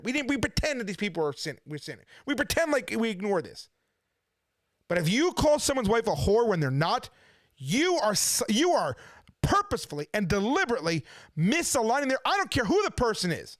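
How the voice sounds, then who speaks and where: A man with a high, animated voice rants indignantly from his kitchen at home. He keeps firing rhetorical questions in a loose, unscripted commentary. The sound is close and dry. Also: no room sound. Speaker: preacher and channel host. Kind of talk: casual ranting commentary.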